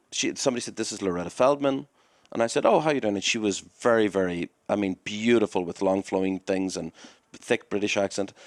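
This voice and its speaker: A man's voice: fairly low pitch, no room sound, clean studio sound. A man who runs a comedy club, a podcast guest telling long, rambling anecdotes and acting out the dialogue in them. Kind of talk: conversational storytelling.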